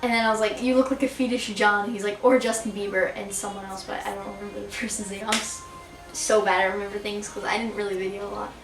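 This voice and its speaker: A woman's voice: mid-range voice, flat delivery, recorded from a distance, over music. Gushing teen girl vlogger, roomy sound. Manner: gushing, fast, full of "like". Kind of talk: excited casual storytelling. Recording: roomy and a bit off-mic.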